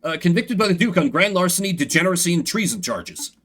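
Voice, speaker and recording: A man's voice: high voice, sing-song, quick pace, fairly bright tone, pitched above the performer's own voice, full character voice. A man voicing a nervous, dim young male stoat guard who stammers and hurries to please. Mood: flustered.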